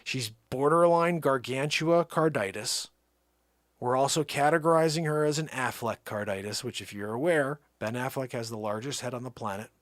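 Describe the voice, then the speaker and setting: A middle-aged man making a comedic prank phone call, rambling and exasperated, swinging between low mutters and loud outbursts. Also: moderate pace, no room sound, clean studio sound. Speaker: prank caller.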